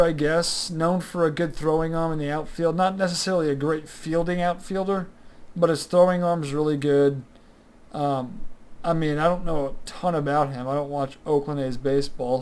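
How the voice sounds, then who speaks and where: A man's voice: fairly high pitch, a little mellow. A young man talking casually on his own about a recent game, rambling with many fillers and restarts. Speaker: sports recap host. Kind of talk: casual solo sports commentary.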